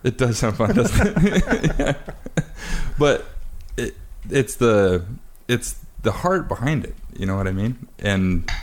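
Animated, laughing, swearing host. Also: male voice, slow pace. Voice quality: laughs often, swears, swooping pitch. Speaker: podcast host. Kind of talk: casual chat.

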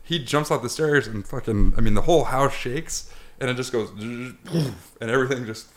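A man's voice: mid-range voice, moderate pace, a bit bright. A man hosting a podcast with his father, telling family stories with lots of swearing and laughter. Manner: profane, laughing storyteller. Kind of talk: casual chat, family storytelling.

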